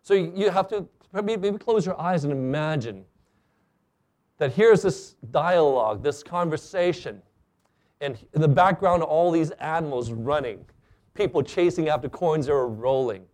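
Male preacher, slightly high voice, animated sermon delivery. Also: a little slow. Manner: animated, acts out quoted speakers. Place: church stage.

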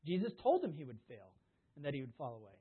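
A man preaching a sermon, stressing key words loudly, then dropping to hushed asides. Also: a little high, wildly swooping pitch, quick pace, slightly rough. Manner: emphatic, swings from loud stresses to hushed asides. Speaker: pastor. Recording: tinny phone-like sound.

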